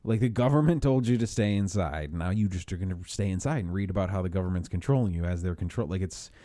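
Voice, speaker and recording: A man's voice: low-pitched, animated, fast talker, dark tone, dry recording. A man co-hosting a podcast in casual chat, laid-back and joking, often laughing.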